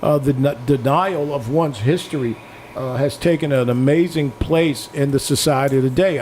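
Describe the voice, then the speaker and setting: Male co-host, slightly high voice, blunt and profane, a drink in, halting delivery. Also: darkish tone, a little hiss or hum. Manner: blunt and profane, with frequent "uh" hesitations. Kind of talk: opinionated political talk.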